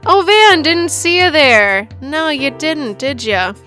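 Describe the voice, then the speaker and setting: A woman's voice: high voice, very animated, takes it slowly, bright, forceful tone, faint music behind, pitched above the performer's own voice, exaggerated voice. A woman reading as a smug, mocking prankster boy. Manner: gleeful, mocking.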